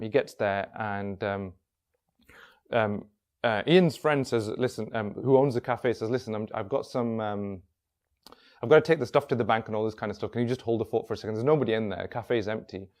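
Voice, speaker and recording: A man telling a long story in a casual, spoken way, dropping his voice quieter when he quotes people. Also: lowish voice, normal speed. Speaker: workshop speaker.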